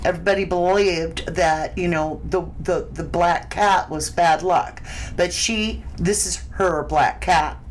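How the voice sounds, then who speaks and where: This woman's voice is fairly low and steady, and she takes her time. She's hosting a live tarot session, talking through viewers' questions conversationally, restarting sentences and using lots of fillers, all on a rough recording with slight background noise.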